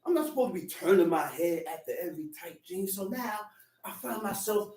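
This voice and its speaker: A man with a strikingly high voice gives a Sabbath teaching in a streetwise, conversational way, punching points home with sudden shouts. The mic sits some way off, and the room throws back a lot of echo. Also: lively intonation, fairly quick. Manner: emphatic, with sudden shouted bursts. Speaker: religious teacher. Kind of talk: Sabbath teaching to a small group. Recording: echoey room, distant mic.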